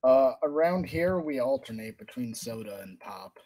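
A man's voice: mid-range voice, animated, moderate pace, darkish tone. Wry podcast guest, a man. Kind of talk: casual podcast chat.

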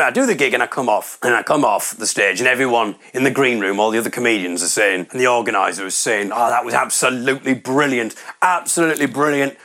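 A man's voice: medium pitch, a bit bright. A man, a comedian telling wry, rambling stories about his gigs. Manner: rambling, wry, self-deprecating. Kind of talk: comic storytelling monologue.

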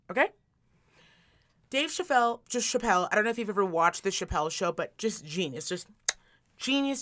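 A woman hosting a podcast, telling stories in a casual, animated way, repeating words for emphasis and swearing freely. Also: mid-range voice. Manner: animated storytelling, emphatic repetition, profane. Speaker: podcast host. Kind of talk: casual chat.

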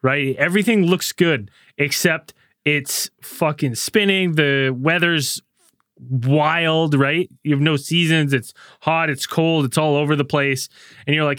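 Casting: higher-pitched male co-host, animated, casual swearing, dry sound. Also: a little slow, no room sound. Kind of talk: casual podcast chat.

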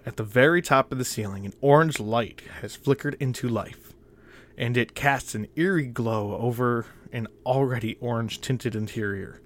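Male storyteller, horror narration, measured, tense, quiet delivery. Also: medium pitch.

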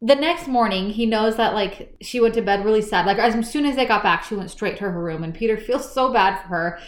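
A woman casually recapping a novel in a chat, animated and quick to act out what characters said. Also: medium pitch, roomy sound. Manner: chatty, animated retelling with acted-out quotes and laughs. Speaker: book podcast co-host.

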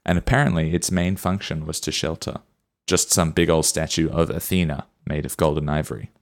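A man with a very deep voice chats casually on a podcast. He tosses in playful, jokey asides as he shares what he read up on. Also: fairly quick. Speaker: podcast co-host. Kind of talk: casual chat.

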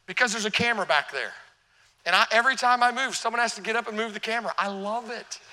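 A man preaching in a church, animated and humorous, throwing questions at his congregation. His voice sits high and sounds sharp and tense, with a long reverb filling the sanctuary. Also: fast. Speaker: pastor. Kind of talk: sermon.

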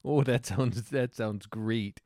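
A man's voice: medium pitch, slow, mellow, no room sound, studio quality, close to an everyday voice. A man voicing a genial, old-fashioned small-town man in a tabletop role-play, with quaint, homely turns of phrase. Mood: hospitable.

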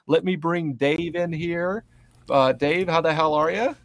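A man hosting a casual podcast interview, chatty and enthusiastic, greeting loudly and joking with his guest. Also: on the high side, a little slow, no echo. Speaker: podcast host.

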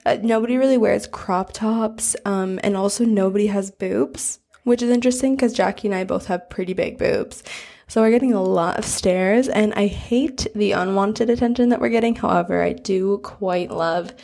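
A woman's voice: medium pitch, normal speed, gravelly, mellow. A woman of twenty-three with an American accent, co-hosting a podcast in casual chat from a hotel bathroom. She is chatty and giggly, and she rambles through her stories. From United States. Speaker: podcast co-host. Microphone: portable travel mic.

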